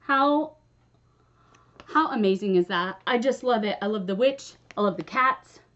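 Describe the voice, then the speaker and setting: A woman's voice: mid-range voice, animated, a little slow, fairly bright tone, highs cut off. A woman chatting casually in a stitching vlog, rambling and gushing over gifts. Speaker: cross stitch vlogger. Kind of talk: casual chat.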